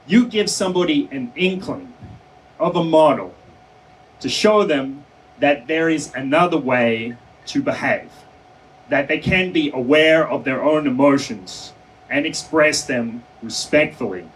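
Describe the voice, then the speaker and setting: A man's voice: on the high side, fairly bright tone, recorded from a distance, slight background noise, low-quality recording. A man giving a conversational speech at a conference, telling a personal story with frequent fillers and self-corrections. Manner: conversational, many fillers and self-corrections, laughs between phrases. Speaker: conference speaker. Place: conference hall.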